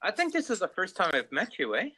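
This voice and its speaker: A Canadian man chatting on a video call, his voice a touch high and lively in its ups and downs. He talks in a casual, hesitant way, full of fillers and restarts. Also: fast, husky, low-quality recording.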